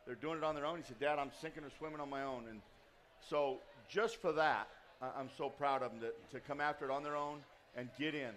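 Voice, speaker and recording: A man's voice: on the high side, fast. A man being interviewed as a guest, talking about his sons' racing in a joking, earnest way. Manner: joking, then soft and earnest. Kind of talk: casual interview.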